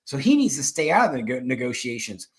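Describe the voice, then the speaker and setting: A man's voice: mid-range voice, very animated, quick pace. A man giving blunt, opinionated political commentary as host, emphatic and often restarting his words.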